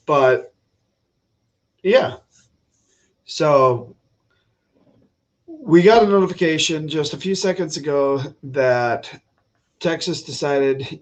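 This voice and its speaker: A man's voice: fairly high pitch, lively intonation, slow, pauses often. A man hosting a casual political livestream, talking bluntly and opinionated, rambling with frequent restarts. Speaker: livestream host.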